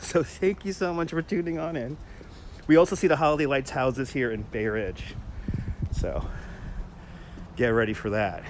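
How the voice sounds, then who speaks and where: A man's voice: medium pitch, slight background noise. A man hosting a live walking stream at night, chatting with viewers, reading their comments aloud and laughing often. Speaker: livestream host. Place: quiet city street at night, outdoors.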